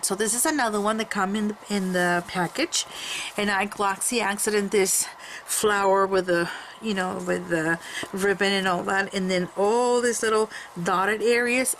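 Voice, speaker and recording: A woman chats about her handmade album in a loose, rambling way, full of fillers and restarts. Her voice sits at an everyday middle pitch. A faint room noise runs under the camera mic. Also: fairly bright tone, rough recording. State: coughing from allergies. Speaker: crafter showing a handmade album. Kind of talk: casual show-and-tell.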